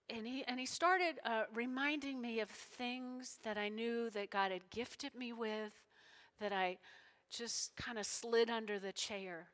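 Middle-aged woman pastor, folksy sermon, emotional, clear and bright, higher-pitched, slips into whispers. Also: unhurried. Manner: emotional, breathy whispered prayers; folksy, talks to congregation as y'all.

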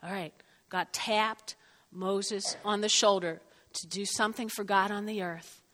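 A woman pastor giving a lively, conversational sermon, calling on the congregation to answer back. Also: medium pitch, measured pace, slight background noise. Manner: lively, conversational preaching with call-and-response. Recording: long reverb of a large hall.

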